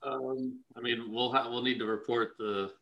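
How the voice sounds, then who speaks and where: A man co-hosting a podcast who speaks haltingly with dry, wry remarks. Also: medium pitch, steady tone, creaky, highs cut off. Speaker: podcast co-host. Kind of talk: casual podcast chat.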